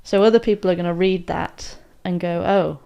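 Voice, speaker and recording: A woman's voice: fairly low pitch, fairly even intonation, a little fast, mellow, clear, resonant tone. A woman chatting on a podcast, explaining her view in an earnest, thoughtful way. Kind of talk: casual podcast chat.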